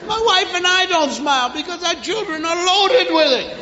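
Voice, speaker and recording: A man's voice: extremely high pitch, expressive, moderate pace, muffled recording, background noise. A man doing a stand-up comedy routine, animatedly telling stories and mimicking parents and children. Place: comedy stage before an audience. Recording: live stage recording with long reverb.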